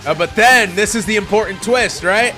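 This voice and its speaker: A man streaming live, talking casually about an album he loves, excitable and swearing often, swinging between hushed and loud. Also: high voice, normal speed, soft background music. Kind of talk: casual livestream music commentary.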